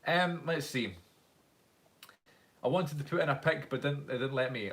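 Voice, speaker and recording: A man's voice: mid-range voice, normal speed, long pauses. A young man with a Glaswegian accent, chatting casually on a live stream Q&A as a YouTuber and actor, rambling through stories and laughing often. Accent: Glaswegian Scottish. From Scotland.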